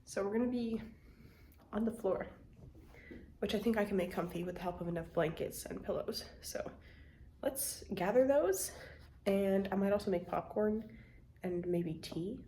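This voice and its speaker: A woman's voice: mid-range voice, moderate pace, pauses often, mellow, reverberant, slight background noise, rough recording. A young woman book vlogger chatting casually at home, rambling with lots of "like" and "kinda". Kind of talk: casual reading vlog chat. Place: at home, indoors.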